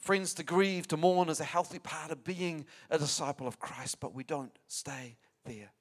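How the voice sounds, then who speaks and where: A pastor preaching a sermon in a conversational, emphatic way, often repeating words and adding asides. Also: male voice, fairly high pitch, moderate pace.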